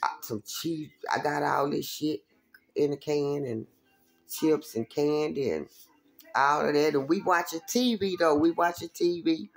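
Gravelly middle-aged woman telling a story. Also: low voice, unhurried, soft background music. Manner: profane, vivid, talks straight to the viewers. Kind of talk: casual personal storytelling.

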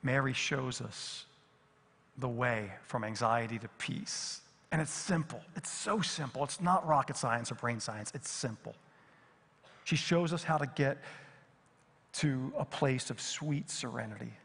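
A middle-aged man preaching a sermon as pastor, swinging from lively emphasis to hushed, near-whispered repetitions. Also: mid-range voice, a little slow, creaky, slightly rough. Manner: dynamic, drops to near whisper on repeated phrases. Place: church sanctuary. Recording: long reverb of a church hall.

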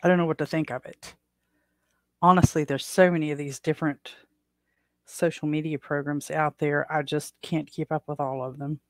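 A woman's voice: deep voice, level tone, moderate pace, dry recording. A woman from the United States hosting her own podcast, chatting casually on her own and rambling with many fillers and restarts. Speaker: podcast host. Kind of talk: casual solo chat.

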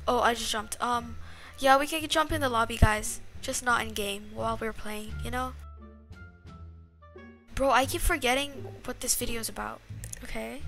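Excitable young woman gaming with bright voice. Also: fairly high pitch, normal speed, vocal fry, faint music behind. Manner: dramatic, excitable, talks to viewers as y'all. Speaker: gaming YouTuber. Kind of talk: casual gameplay commentary.

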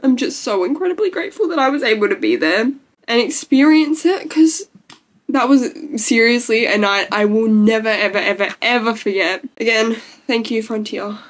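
A woman's voice: on the high side, expressive, moderate pace. A young woman vlogging to camera in a gushing, emotional way, peppered with "like", close to tears. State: tearful. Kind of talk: casual talking-to-camera vlog.

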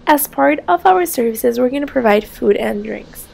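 A woman's voice: a little high, expressive, normal speed, creaky, a little mellow, full character voice. A woman voicing a polite, helpful flight attendant in a toy-play story, with a courteous, service-like manner.

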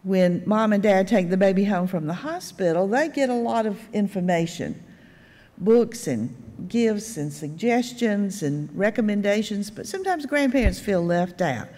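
An older woman lay speaker giving a sermon in a church sanctuary, telling stories with gentle humor. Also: mid-range voice, expressive. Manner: unhurried storytelling with gentle humor. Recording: long reverb in a church sanctuary.

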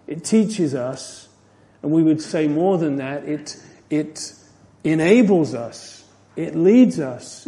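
A man teaching an expository Bible study, earnest, rising when he stresses a point and falling soft at its close. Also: on the high side. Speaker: pastor.

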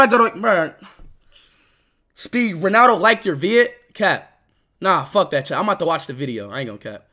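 A young man streaming live, reacting loudly, swearing and breaking into sudden shouts. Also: very high-pitched. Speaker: livestreamer.

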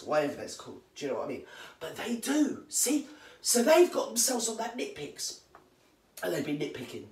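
A performer playing an indignant old English granny with a British accent who gossips and swears in a rambling comedy monologue, recorded in a roomy space from a distant mic. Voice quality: slangy, swears constantly and rambles. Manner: mock-outraged gossiping with big pitch swings.

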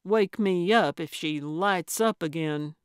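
A woman's voice: lowish voice, slow pace, clear, resonant tone, no echo, clean studio sound. A woman voicing a stubborn older woman amateur sleuth in a mystery audiobook, pushy and impatient. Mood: insistent.

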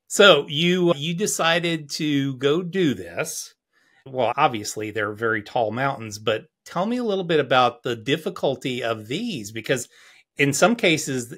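Husky male podcast host. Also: mid-range voice, measured pace. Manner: relaxed, brief backchannels. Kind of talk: casual interview chat.

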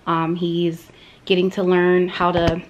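A young woman, a stay-at-home mom, telling a story to her viewers in a casual, animated way, recovering from surgery. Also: on the low side, slow pace, lo-fi sound. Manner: animated, addresses viewers as "you guys".

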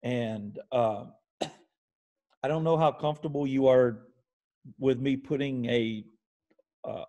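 Mellow-voiced male interview host. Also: mid-range voice, slow, long pauses. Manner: thoughtful, circles back and restates points. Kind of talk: casual interview conversation.

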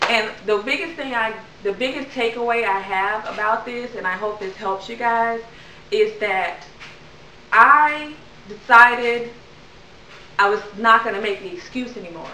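A woman's voice: a little high, measured pace, pushed and bright, roomy sound, distant mic, a little hiss or hum, low-quality recording. A young woman vlogger chatting casually to camera, rambling with lots of ums.

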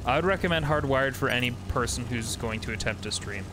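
A young man streams a video game, chatting with his viewers and swearing freely as he plays. His mid-pitched voice is animated and brisk. Game music and sound effects fill the background noise behind his casual commentary.

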